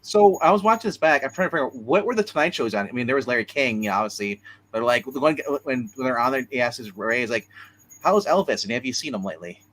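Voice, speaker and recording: Rambling excited male co-host. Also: mid-range voice, quick pace, a little hiss or hum, rough recording. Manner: rambling, restarts a lot, excited. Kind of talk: casual movie chat.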